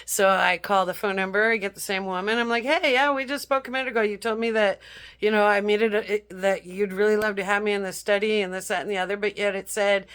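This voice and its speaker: A woman's voice: mid-range voice, little pitch movement, brisk, a bit bright, clean tone. A woman vents to camera in an indignant, outraged monologue. She retells phone calls and mixes in the other side's words along with her own angry replies. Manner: indignant, recounting phone calls with quoted voices. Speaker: vlogger.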